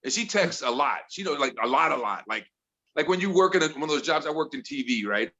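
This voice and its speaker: A middle-aged man from Chicago works through an exasperated stand-up set with a bright, forceful tone. His voice sits a touch high for a man, and he jumps into higher voices to mimic his family. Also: expressive, fast talker, highs cut off. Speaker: stand-up comedian. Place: comedy bar with audience.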